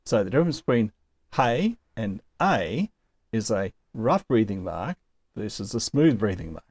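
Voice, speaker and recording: Slow, lively-voiced man teaching Greek. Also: lowish voice, no echo. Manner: patient, explains step by step with small laughs. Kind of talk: recorded language lesson.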